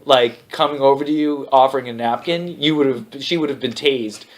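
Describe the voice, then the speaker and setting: A man's voice: mid-range voice, moderate pace. A man from Canada co-hosting a casual podcast, riffing with crude jokes. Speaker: podcast co-host.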